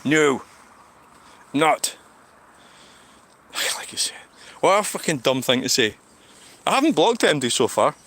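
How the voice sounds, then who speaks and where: A man's voice: a little high, very animated, measured pace, pauses often, a bit bright. A Scottish man streaming while he walks a town street, rambling and swearing as he answers viewers' comments. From Scotland. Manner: rambling, sweary, talks back to chat. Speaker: livestreamer. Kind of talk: casual walking livestream chat. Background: street traffic noise.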